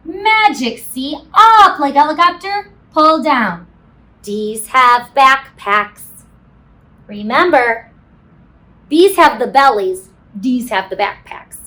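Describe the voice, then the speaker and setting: In a classroom, a kindergarten teacher takes young children through a phonics lesson, her delivery slow, sing-song and encouraging. Her high voice swoops widely and sounds pushed and bright, and she sprinkles in playful sound effects while pronouncing every word very slowly and carefully.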